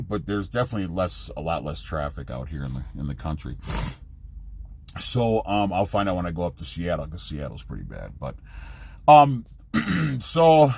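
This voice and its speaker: A man's voice: medium pitch, no echo. Rambling, cursing trucker man. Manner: rambling, profane, jumps between topics. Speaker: truck driver vlogger. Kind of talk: rambling casual vlog.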